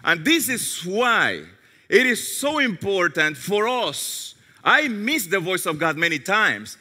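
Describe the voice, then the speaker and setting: A male pastor preaching a sermon, telling a story and dropping softly into quoted prayers. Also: high voice, very animated, slow pace. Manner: storytelling, drops to soft tones for quoted prayers. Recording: long hall reverb.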